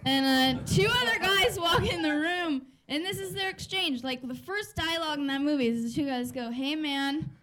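High-voiced sardonic woman comic on stage. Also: expressive, normal speed, few pauses, fairly bright tone. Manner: chatty, sardonic, laughs through her lines. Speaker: stand-up comedian. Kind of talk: stand-up comedy set. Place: comedy club stage. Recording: noisy live club recording.

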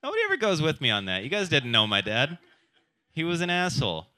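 A man's voice: a little high, huge pitch swings, fast talker, sharp tone, dry recording. A man doing a stand-up comedy set, crude and self-deprecating, who keeps jumping into quoted voices. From South Dakota.

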